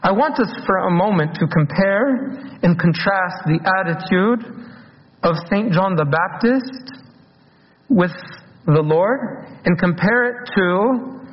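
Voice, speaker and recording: A high-voiced man delivers a sermon, talking plainly and putting questions to the congregation. The sound is dull and muffled, and his voice rings in a long-echoing church hall. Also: expressive, slow. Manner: conversational preaching with questions to the congregation. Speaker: priest. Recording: dull, echoey church recording.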